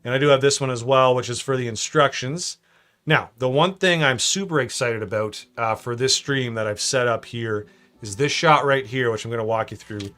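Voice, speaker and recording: Speaking into a shotgun mic at a moderate pace, a man from Canada with a medium-pitched, slightly bright voice runs a casual live stream from his home studio. He's chatty and upbeat, welcoming viewers and reading their comments out loud.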